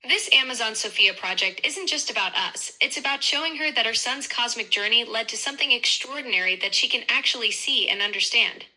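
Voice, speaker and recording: Bright, effusive AI assistant woman. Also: fairly high pitch, fairly quick, few pauses, poor audio. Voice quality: upbeat, effusive. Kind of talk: chatty assistant replies.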